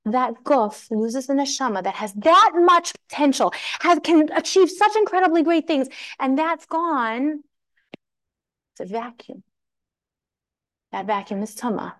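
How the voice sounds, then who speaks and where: A married woman teaching a Torah class to women, telling a story in a lively way and acting out the quotes. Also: high voice, slow, pauses often. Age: adult. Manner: animated storytelling, acts out quotes.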